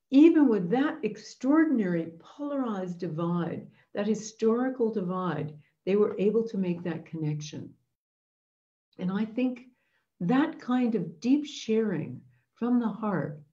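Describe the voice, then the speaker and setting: A woman's voice: mid-range voice, warm tone, muffled recording. A woman hosting an intention webinar, telling a story in an earnest, reflective way. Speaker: host leading an intention webinar.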